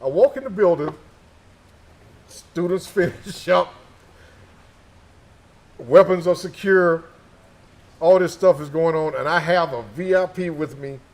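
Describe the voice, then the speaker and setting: A middle-aged man with a folksy, joking way of talking, circling back on his own phrases. He was once an army sniper instructor. His voice sits slightly high for a man. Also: unhurried, long pauses. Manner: folksy, repeats phrases, teasing. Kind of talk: casual interview chat. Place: indoor gun shop event space.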